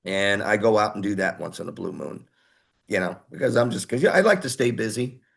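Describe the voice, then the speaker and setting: A man's voice: on the low side, fairly quick, vocal fry, husky. A man, a metal singer, telling stories as an interview guest, acting out what people said and laughing often. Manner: animated storyteller, acts out quotes, laughs often. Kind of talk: storytelling in an interview.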